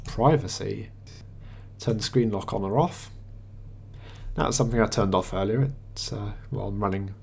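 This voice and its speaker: A man with a somewhat low, slightly husky voice talks through a software review over a screencast. He stays matter-of-fact and conversational, with the odd hesitation as he clicks through menus. He sounds like he is recording at his own computer's microphone. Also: normal speed. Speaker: tech reviewer.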